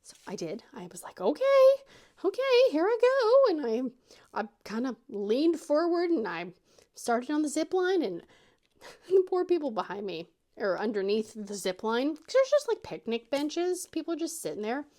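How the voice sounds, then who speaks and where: This middle-aged craft channel host speaks in a sing-song manner at a moderate pace, her tone dark. Chatting casually through a story, she performs the quotes in a squeaky high voice.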